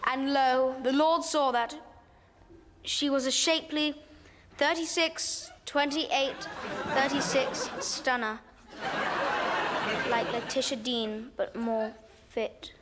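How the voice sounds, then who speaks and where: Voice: sits high, fairly even intonation, slow, pauses often, over a noisy crowd, heavy background noise. A child actor playing a prim church official who reads scripture solemnly in a sketch comedy. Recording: music and audience laughter behind.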